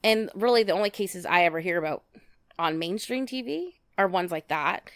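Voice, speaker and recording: A woman's voice: lowish voice, expressive, moderate pace, no room sound, clean studio sound. Outspoken woman co-hosting a podcast. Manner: outspoken, indignant, swears casually. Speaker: podcast co-host. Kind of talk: casual true-crime podcast discussion.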